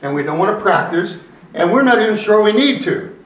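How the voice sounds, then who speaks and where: A high-pitched male preacher delivers a sermon in a relaxed, conversational manner. He slows and climbs in pitch to hammer a point. The sound carries a roomy echo, picked up from some distance away. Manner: conversational preaching, slowing and rising for emphasis. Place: church sanctuary. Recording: echoey room, voice from a distance.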